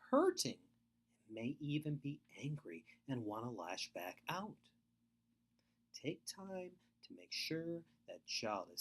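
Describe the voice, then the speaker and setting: Middle-aged male webinar presenter, earnest and emphatic, very lively pitch. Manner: earnest, emphatic, repeats points. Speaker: foster care speaker. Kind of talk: webinar lecture.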